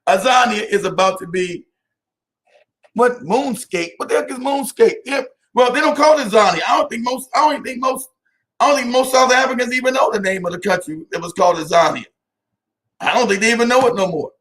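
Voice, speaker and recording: A man hosting a casual live stream, talking to viewers by name, animated and often laughing. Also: very high-pitched, fairly quick.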